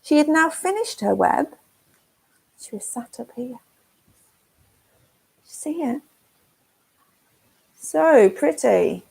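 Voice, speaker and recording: A woman leading a forest school session reads a picture book to toddlers at home in a gentle, sing-song way and asks the children questions. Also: sits high, lively intonation, slow, vocal fry, long pauses, rough recording.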